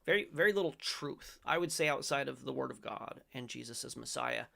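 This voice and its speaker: A man's voice: medium pitch, expressive, a little fast, creaky, sharp tone. A middle-aged man hosting a faith-based commentary show, reading aloud and reacting in a rambling, self-correcting way with sudden emphatic bursts.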